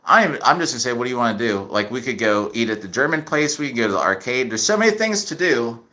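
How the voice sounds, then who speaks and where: A man's voice: mid-range voice, very animated, quick pace, bright, forceful tone. A middle-aged man chatting casually on a livestream, rambling and restarting his sentences as he reads chat. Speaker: livestream host.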